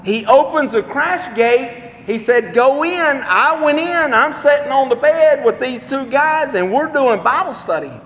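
A man preaching a sermon, telling a personal story in a folksy, earnest way with dramatic pauses. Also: extremely high pitch, lively intonation, fairly bright tone. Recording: long reverb, faint background noise.

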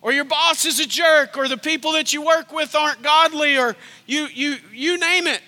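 A man preaching a sermon as pastor, energetic and conversational, dropping to hushed tones at times. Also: very high voice, normal speed, in a large hall.

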